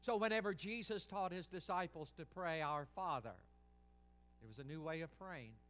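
Male senior pastor, sermon delivery, high clear voice, swings between pleading and hush. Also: lively intonation, fairly quick, faint music behind. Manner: impassioned, swings from loud pleading to hushed.

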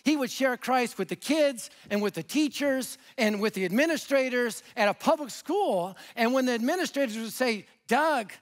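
A man preaching as a guest, telling stories with animation and swinging between loud and hushed delivery. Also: extremely high pitch, lively intonation, moderate pace, few pauses. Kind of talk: sermon storytelling.

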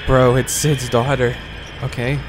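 A man streaming a horror game, reacting loudly and jumpily with frequent cursing and laughter. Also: mid-range voice, little pitch movement, a little slow, noisy background. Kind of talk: live gameplay commentary. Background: game music.

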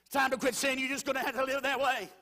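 A man with a very high, gravelly voice preaches with a bright, sharp edge, shouting his lines in a rolling sermon cadence. He is heard in a large church hall where the reverb rings on. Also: level tone, fast talker. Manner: shouting preaching cadence, drops to quiet storytelling. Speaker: guest preacher. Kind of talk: Pentecostal sermon.

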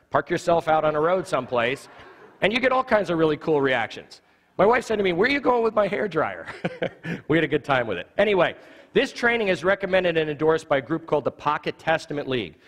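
A man in his forties teaching an evangelism class in a church, a quick, jokey storyteller who acts out the dialogue in his stories. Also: fairly high pitch. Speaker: lay evangelism trainer. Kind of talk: live teaching talk with humorous stories. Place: church sanctuary. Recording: long church reverb.

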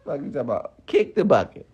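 A man's voice: medium pitch, very animated, normal speed, dark tone, husky, highs cut off. A man hosting a casual livestream rant, mocking and profane, laughing often as he talks. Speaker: livestream host.

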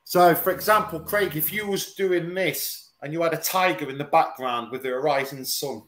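A man's voice: on the high side, normal speed, a bit bright. A man, a martial arts guest on a talk show, telling stories in casual banter, swearing, mimicking people and laughing often.

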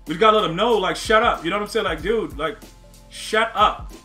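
A young man streaming a football video game, talking to his chat in loose slang and breaking into excited yelling. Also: sits high, fairly quick, soft background music. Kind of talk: live gameplay commentary to chat.

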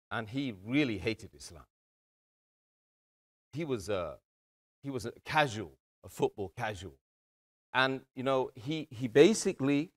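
A man giving an earnest talk to a community audience, often calling them brothers and sisters. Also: mid-range voice. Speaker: speaker addressing a community. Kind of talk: motivational talk.

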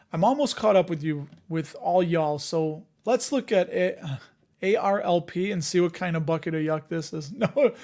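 A man's voice: on the high side, a little mellow. A man hosting a casual live stream about investing, chatting with viewers, joking at himself and thinking aloud with many fillers. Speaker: host of a dividend investing live show.

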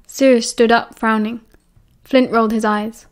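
A woman's voice: on the high side, little pitch movement, a little slow. A woman with a British accent reading an audiobook chapter aloud, shifting her voice for the characters. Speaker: audiobook narrator.

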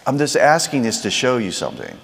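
A man's voice: medium pitch, huge pitch swings, quick pace, vocal fry, fairly bright tone, husky, in a large hall. A man preaching a sermon in a conversational way, asking the crowd rhetorical questions.

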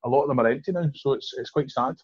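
A man with a Glaswegian Scottish accent, a guest telling stories in a quick, chatty way with frequent restarts. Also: medium pitch, slightly rough, dry recording. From East End of Glasgow, Scotland. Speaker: guest, Olympic hammer thrower. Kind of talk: casual podcast chat. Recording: dull, lo-fi podcast recording.

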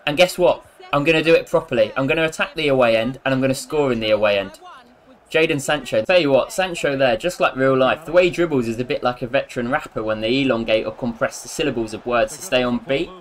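A man's voice: medium pitch, fast talker. A man giving casual, joking commentary over a football video game, rambling and poking fun at himself. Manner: animated, jokey, rambling and self-mocking. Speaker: gaming YouTuber.

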